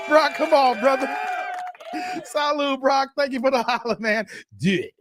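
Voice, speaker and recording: A man in his thirties hosting a casual live stream, animated and laughing often, his voice a little strained from long streaming. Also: very high voice, normal speed, noisy background. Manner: animated, laughs often, breaks into playful sung bits. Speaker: live stream commentary host. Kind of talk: casual live stream chat reading donations.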